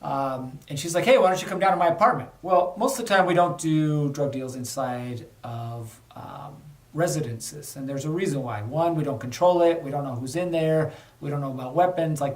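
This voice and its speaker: A middle-aged man, a podcast host, telling a candid personal story with a lesson, in a casual conversational way. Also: a little high. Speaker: podcast host, former undercover officer. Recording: echoey room, a bit far from mic.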